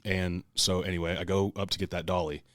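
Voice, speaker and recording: Man, podcast co-host, profane heated storytelling, deep voice, dry close sound. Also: little pitch movement, a little fast, a bit bright, no echo. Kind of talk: casual storytelling.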